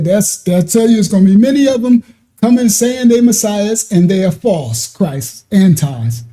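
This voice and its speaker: A man's voice: high voice, warm tone. A man preaching in a conversational Bible-study sermon, emphatic and often repeating himself or restarting mid-sentence.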